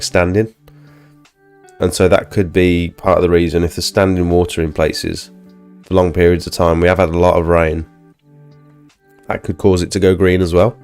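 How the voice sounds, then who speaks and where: Ill man, deep register, loose filler-heavy live-stream chatter. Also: darkish tone. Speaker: pressure washing business owner and live streamer. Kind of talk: casual live-stream chat.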